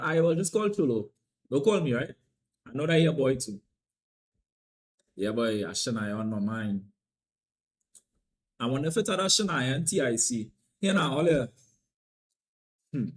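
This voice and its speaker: A young man with a Trinidadian accent chatting casually on a live stream, playful and loose, repeating lines and swinging between loud hype and low mumbling.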